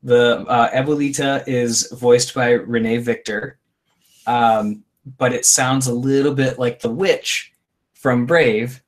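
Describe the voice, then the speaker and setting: A man's voice: mid-range voice, fairly even intonation, slow. A man co-hosting a casual live stream, chatting and reading out viewer comments. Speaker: co-host.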